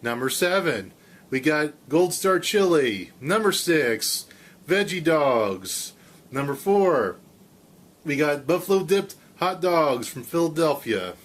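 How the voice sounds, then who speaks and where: A man putting on a famous radio countdown host's voice for a mock countdown, with a drawn-out, announcer-like delivery. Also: fairly high pitch, sing-song, full character voice. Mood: showy. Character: adult male countdown radio DJ impression, slow and showy.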